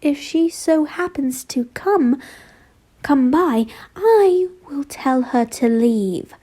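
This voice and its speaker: A woman voicing a protective, tender young man in a fanfiction reading, gentle and reassuring. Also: high voice, expressive, unhurried. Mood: firm. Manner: gentle and reassuring, firm when promising.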